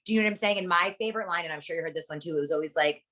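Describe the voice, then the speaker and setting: Fast-talking low-voiced young woman. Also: pushed and bright. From lives in Las Vegas. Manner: blunt, profane storytelling. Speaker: interview guest. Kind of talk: casual chat.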